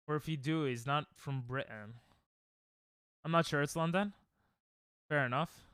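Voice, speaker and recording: A young man streaming a game, chatting casually and reacting excitably to chat on a headset mic. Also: medium pitch, moderate pace, pauses often, smooth, dry recording, studio quality. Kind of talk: casual live-stream chatter while gaming.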